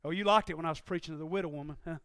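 Preacher guy, high clear voice, goes from quiet talk to full-on shouting, folksy ain't and y'all, dry close mic. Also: rapid-fire, no echo. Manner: swings from low conversational asides to shouted, impassioned climaxes. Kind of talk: sermon.

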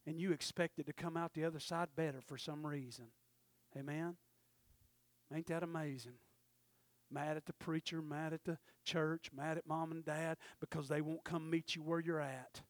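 A man preaching a sermon in a church, swinging from hushed asides to shouted, drawn-out lines. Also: a little high, vocal fry, dry recording, studio quality. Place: church sanctuary.

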